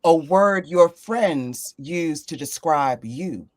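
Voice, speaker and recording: A woman's voice: low-pitched, animated, slow pace, a little mellow. A woman hosting a casual interview, upbeat and playful with emphatic delivery. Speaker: podcast host.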